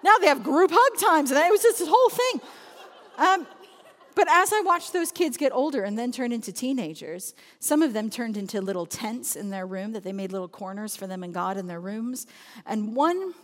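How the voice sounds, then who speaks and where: A woman speaking about children's ministry, telling lively anecdotes with frequent laughter. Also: a little high, normal speed, big-room sound. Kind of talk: storytelling talk.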